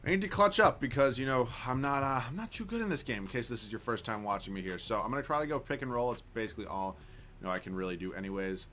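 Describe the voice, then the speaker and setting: Excitable guy yelling at a video game, talks super fast, swears a lot, jokes about being bad at it. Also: medium pitch, a little hiss or hum. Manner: swears often and jokes about his own skill. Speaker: gaming YouTuber. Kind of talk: live gameplay commentary.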